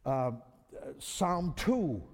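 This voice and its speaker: Male preacher, higher voice, lots of pitch movement, chatty sermon delivery with restarts, church hall reverb. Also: sing-song, very slow, darkish tone. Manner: conversational, repeats words as he restarts.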